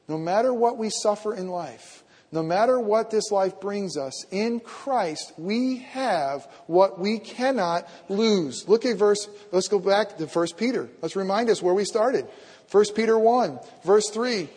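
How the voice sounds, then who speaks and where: A man with a notably high voice preaches a sermon in a large church, his words trailing off in a long reverb. He swings from hushed, confiding asides to loud, fervent shouts, repeating his key phrases and restarting mid-sentence. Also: animated, unhurried, husky. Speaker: pastor.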